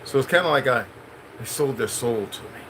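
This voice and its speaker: Middle-aged male vlogger with a sharp, bright voice. Rambling, cursing monologue over faint background hum. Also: mid-range voice, expressive, brisk, rough recording. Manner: rambling, profane, preachy. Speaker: channel host. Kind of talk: unscripted monologue.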